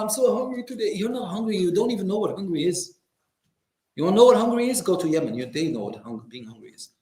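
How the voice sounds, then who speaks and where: A man delivers a religious lesson to a class with lively, teasing energy, now and then mimicking the people he describes. His voice sits a little high for a man. The sound carries the ring of a reverberant community hall. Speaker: religious teacher. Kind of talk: lecture to a class. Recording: echoey hall.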